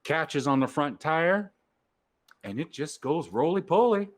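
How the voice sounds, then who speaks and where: A man narrating as game master of a tabletop role-playing session, with a laid-back, drawn-out delivery. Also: a little high, expressive.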